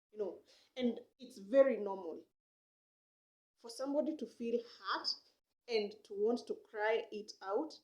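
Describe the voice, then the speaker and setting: Earnest woman from Africa, mid-pitched, pleading talk full of fillers; lo-fi sound. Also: mellow. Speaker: speaker. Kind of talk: casual monologue on parenting and abuse. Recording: slightly dull lo-fi sound.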